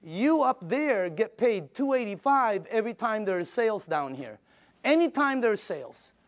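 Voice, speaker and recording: High-voiced older man giving an emphatic sales pitch. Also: big pitch swings, normal speed. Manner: enthusiastic, storytelling, emphatic. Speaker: sales presenter.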